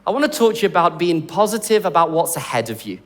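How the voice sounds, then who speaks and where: A man preaching in a lively, chatty, joking style, with a notably high speaking voice. His words ring out with a long reverb that trails through a church hall. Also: fast talker. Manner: animated, conversational, jokey preaching. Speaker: pastor. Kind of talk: sermon.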